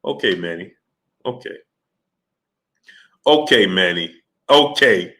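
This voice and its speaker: A man's voice: low voice, lively intonation, slow, sharp tone. A man hosting a casual livestream, reading out viewers' comments in a slangy manner and calling them "brother". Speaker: livestream host. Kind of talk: casual live-stream chat.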